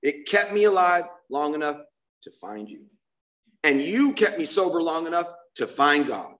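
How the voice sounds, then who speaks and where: A man's voice: a little high, very animated, normal speed, fairly bright tone. A man sharing his personal recovery story at a meeting, earnest and emotional, often restarting his sentences and saying "man, you know what I mean.".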